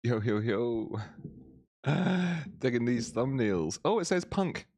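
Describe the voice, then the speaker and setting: A man's voice: medium pitch, animated, takes it slowly, darkish tone, no room sound. Man, voice-changer effect, chatty live-stream host, dry close sound. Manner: chatty, greets viewers, laughs often. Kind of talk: casual live-stream chat.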